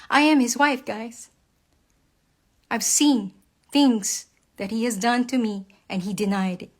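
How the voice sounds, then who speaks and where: Furious high-voiced woman ranting. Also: slow pace, long pauses. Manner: heated, profane, emphatic, addresses viewers as guys. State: very angry. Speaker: wife speaking out online. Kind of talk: angry personal rant to camera.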